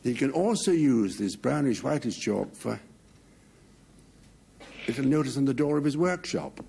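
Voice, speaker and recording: A middle-aged man on a panel game, giving a halting, rambling, jokey made-up definition. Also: mid-range voice, animated, vocal fry, dark tone, slight background noise.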